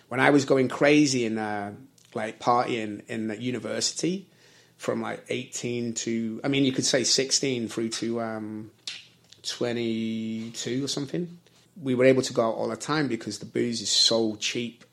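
A man's voice: mid-range voice, level tone, normal speed, vocal fry. A man in his thirties from the United Kingdom, chatting casually and rambling, correcting himself often with many fillers. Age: 30s. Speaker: service worker and conversation guest. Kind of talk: casual chat.

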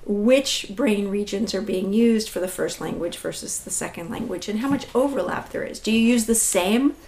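A woman researcher giving a measured, explanatory account of how the brain handles language. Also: mid-range voice, darkish tone. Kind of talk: explaining to an interviewer.

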